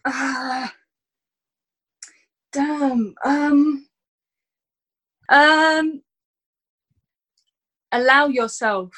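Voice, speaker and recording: High, bright-voiced woman. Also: fairly even intonation, drawn-out words, pauses often. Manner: hesitant with many ums, giggly. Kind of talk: casual chat.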